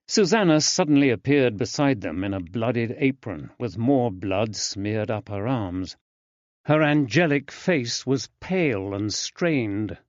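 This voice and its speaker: A man narrating an audiobook in a steady, even scripted reading. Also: lowish voice, unhurried, no echo, dull audio.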